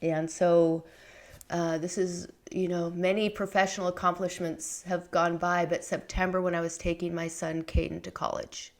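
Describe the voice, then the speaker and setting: A middle-aged woman speaks as a guest in a relaxed podcast conversation. Her voice sits on the low side, and she talks candidly and loosely, circling back with fillers and restarts as she works through her thoughts. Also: normal speed. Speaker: podcast guest, memoir author. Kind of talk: conversational interview.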